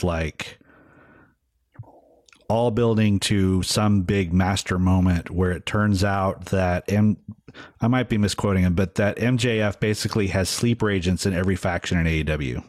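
A man with a notably deep voice chats casually as a podcast co-host. He rambles a bit, leaning on fillers as he thinks aloud. The sound is dry and close, with no room around it. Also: unhurried, no echo. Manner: relaxed, rambling, hedging with fillers. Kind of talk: casual wrestling chat.

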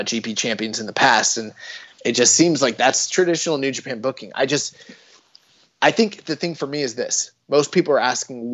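In a casual wrestling chat, a male podcast co-host rambles loosely, cracking jokes and swearing offhandedly. His pitch is ordinary, and the recording sounds dull and lo-fi.

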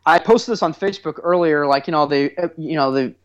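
A man's voice: a little high, a little fast, highs cut off. A man in his thirties, a podcast co-host telling a funny story in casual chat, teasing his co-host.

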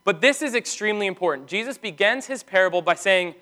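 A man preaching a sermon as pastor, earnest and emphatic, slowing down to stress key commands. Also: high-pitched, sharp tone.

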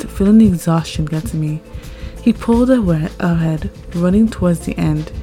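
A woman reading a first-person story aloud, expressive and rising at tense moments. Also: lowish voice. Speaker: story narrator. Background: faint background music.

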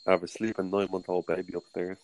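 A man in his thirties with an Irish accent, a podcast guest speaking softly and hesitantly at home at night, rambling with many fillers. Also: sits low, flat delivery, quick pace, rough recording. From Ireland. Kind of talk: casual interview chat.

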